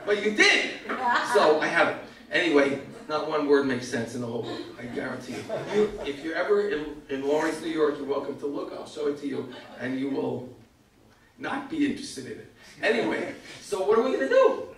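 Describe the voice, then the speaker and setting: An older American man tells a self-mocking, animated story to an audience in a community evening talk. He is fairly high for a man. His voice sounds echoey and comes from some distance off the mic. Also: brisk. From United States. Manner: self-mocking, animated, acts out other people's lines. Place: event hall. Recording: echoey hall, far from the mic.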